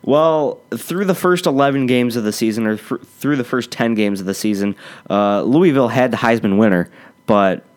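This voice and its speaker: A young man with a mid-range voice co-hosts a casual sports podcast. He delivers his picks in a dry, wisecracking way, often pausing on an um before the punchline. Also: mid-range voice, clear, resonant tone. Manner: dry, wisecracking, with some hesitant ums. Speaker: sports editor and co-host.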